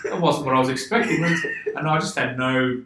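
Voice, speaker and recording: A man's voice: medium pitch, steady tone, fairly quick, reverberant, noisy background. A man with an Australian accent telling loose, rambling stories in casual chat, swearing freely and laughing often. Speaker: podcast guest, former footballer.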